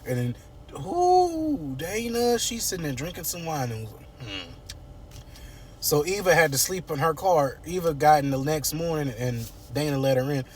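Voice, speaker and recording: Guy in his car talking through a show, lively and slangy, slight hiss behind him. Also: a little high, normal speed. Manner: animated, chatty, slangy. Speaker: TV series reviewer. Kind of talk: casual recap. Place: inside a parked car at night.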